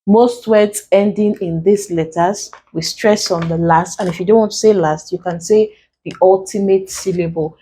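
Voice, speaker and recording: A woman's voice: mid-range voice, fairly even intonation, moderate pace, warm tone, slightly rough, poor audio. A woman from Nigeria teaching an exam-prep English lesson, spelling out letters one by one and explaining each step. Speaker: English tutor.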